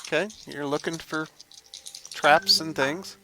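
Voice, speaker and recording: A man's voice: fairly high pitch, fairly even intonation, takes it slowly, sharp tone. A man running a tabletop game as game master, easygoing, sometimes stumbling over words.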